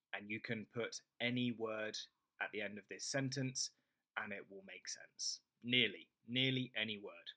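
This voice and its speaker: Young man, online tutor, slow unhurried delivery, lowish voice, phrases modeled for repetition. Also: pushed and bright. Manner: slow, clear model phrases for learners to repeat. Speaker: English tutor. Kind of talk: online English lesson.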